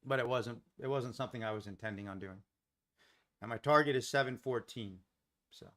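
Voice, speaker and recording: A man's voice: mid-range voice, fairly quick, fairly bright tone. An American man hosting a live trading stream, talking casually and rambling with lots of fillers while he chats with viewers. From United States. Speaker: livestream trading host.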